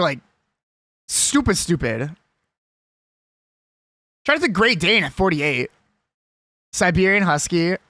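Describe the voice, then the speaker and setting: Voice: mid-range voice, sharp tone, no echo, clean studio sound. A young adult live streamer chatting casually and with strong opinions while reading a list aloud.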